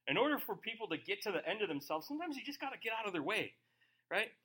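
A man's voice: high voice, very animated, fast talker, pushed and bright, slightly rough. A male pastor teaching verse by verse in a conversational way, acting out quoted voices.

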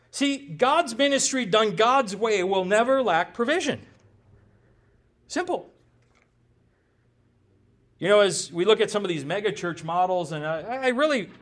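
High-voiced pastor with a joking, conversational sermon. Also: male voice. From United States. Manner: conversational, joking asides, rhetorical questions.

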